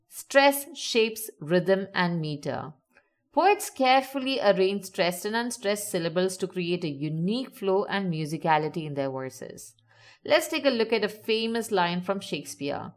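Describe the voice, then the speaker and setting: Lively woman teaching in an upbeat tone. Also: mid-range voice. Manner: lively, upbeat and instructive, stretching words out slowly for emphasis. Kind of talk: scripted educational narration.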